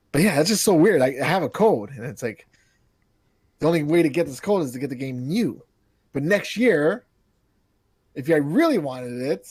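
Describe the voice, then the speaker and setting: A man co-hosting a casual podcast who rambles from one thought to the next, swearing freely and laughing at his own asides. His voice sits a little high and swings widely in pitch. The sound is dry and close to the mic. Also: a little mellow, slightly rough, no room sound. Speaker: podcast co-host. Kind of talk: casual chat.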